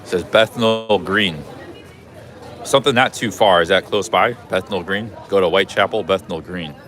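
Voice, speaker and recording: A man's voice: low voice, brisk, crowd noise. A man live-streaming a travel vlog from a busy city street outdoors, chatting in a rambling way with many restarts. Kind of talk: casual walking live stream.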